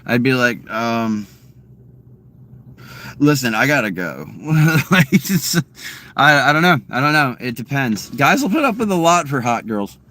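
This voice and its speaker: Answering his viewers from home, this late-thirties streamer drifts through rambling chat full of fillers, false starts and frequent chuckles. His medium-pitched voice swings widely in pitch, with a measured pace and a sharp tone.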